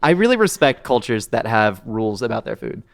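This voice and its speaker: Fast-talking rambling young man. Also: on the low side, sing-song, creaky. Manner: rambling, jokey, lots of fillers. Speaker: podcast co-host, chef. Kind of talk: casual chat.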